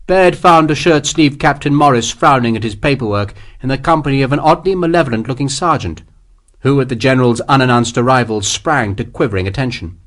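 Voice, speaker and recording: Expressive male audiobook narrator. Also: medium pitch. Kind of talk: scripted narration.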